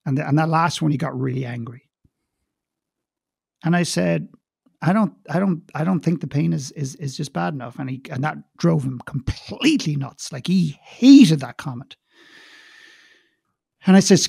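A man who is a guest speaker and coach, telling a story in conversation in an animated way and repeating words when wound up. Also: a little high, moderate pace, gravelly, pauses often, slightly rough, no echo, clean studio sound.

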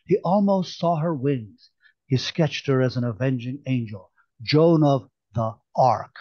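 A male novelist reading his own book aloud with a wry storyteller's touch, at a middling pitch. It comes through dull and lo-fi from an online event, with a dry, close sound. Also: measured pace, no room sound. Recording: dull lo-fi online-call audio.

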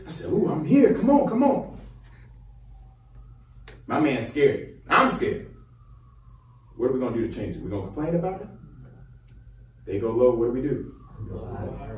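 A man in his twenties from Chicago with a Chicago accent, giving a motivational, preacher-like speech to high schoolers. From Chicago, USA. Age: 20s. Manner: fired-up, preacher-like call and response. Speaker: medical student speaking to high schoolers. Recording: roomy echo, from far off.

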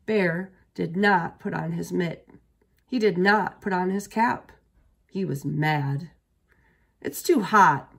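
A woman reading a children's picture book aloud as a storyteller, steady and expressive. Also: lowish voice, slow, creaky, breathy edge.

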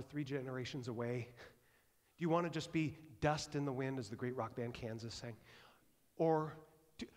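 Animated pastor preaching in a reverberant church. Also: male voice, mid-range voice. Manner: animated, conversational preaching, swings from loud to hushed. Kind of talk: sermon. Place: church sanctuary.

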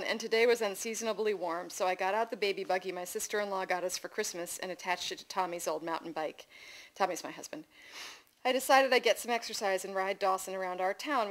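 A woman in her thirties reads her memoir aloud at a literary festival. Her delivery is wry and lively, and her voice sits at an everyday middle pitch. She sounds amused by her own stories. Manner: wry, animated, playfully voices her child's shouts. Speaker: author reading from her memoir. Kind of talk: live literary reading.

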